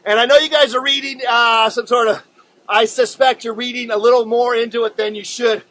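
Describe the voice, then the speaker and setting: A man hosting a casual live-streamed drawing show, chatting to viewers in a laid-back, rambling way with many halting filler words. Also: very high-pitched, fairly even intonation, fairly bright tone, rough recording.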